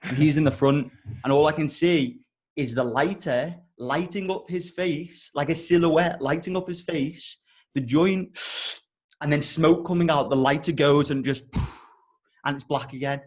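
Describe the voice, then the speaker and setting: A young man hosts a casual podcast and tells a long, animated story. He rambles and swears freely, and his voice sits a little on the high side. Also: a little slow. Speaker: podcast host.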